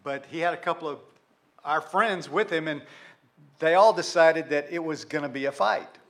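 A man's voice: fairly high pitch, moderate pace, a bit bright. A man, preaching a sermon and telling a story from his youth in a conversational way, full of rhetorical questions. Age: 60s. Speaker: pastor.

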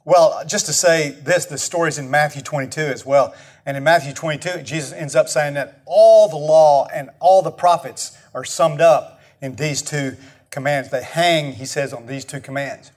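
A man's voice: fairly high pitch, normal speed, darkish tone. A man with a Texan accent preaching a sermon, folksy and emphatic, leading the congregation to repeat words after him. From Texas. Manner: folksy, emphatic repetition, leads the congregation in call-and-response. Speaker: pastor.

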